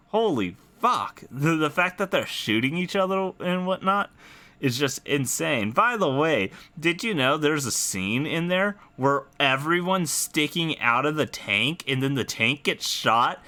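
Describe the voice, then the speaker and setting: A man's voice: a little high, bright, forceful tone. A young man hosting a podcast, ranting casually about an anime with lots of swearing and disbelieving laughs. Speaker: podcast host. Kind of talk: casual anime review rant.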